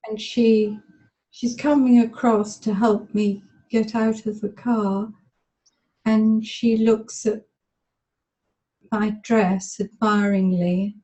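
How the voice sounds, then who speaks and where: Slow, tearful woman in a webinar. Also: mid-range voice, little pitch movement, warm tone, rough recording. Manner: halting, stop-start phrasing with frequent pauses. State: tearful, emotional. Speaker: volunteer in a therapy demonstration. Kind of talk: recalling a memory aloud in present tense. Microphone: webinar call audio.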